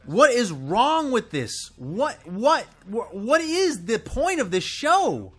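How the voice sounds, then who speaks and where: Exasperated high-voiced man ranting. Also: sing-song, slow pace. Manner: exasperated, swearing, high and swooping. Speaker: video creator ranting about a show. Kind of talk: impassioned solo rant.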